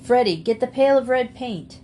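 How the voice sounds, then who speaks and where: A woman's voice: fairly high pitch, lively intonation, moderate pace, dark tone, a little hiss or hum, voice pushed up, close to an everyday voice. A woman voicing a bold male farm dog who speaks firmly and teasingly, in a storybook reading.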